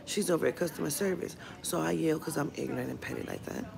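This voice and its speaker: A woman's voice: deep voice, fast, gravelly, crowd noise. A woman vlogger telling a storytime rant in a blunt, profane way. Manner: blunt and profane, retelling a run-in. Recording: music playing under the voice.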